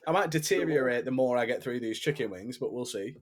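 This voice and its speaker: A man's voice: mid-range voice, fast talker. Male podcast co-host, chatty and loose, laughs easily, swears freely. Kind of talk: casual chat.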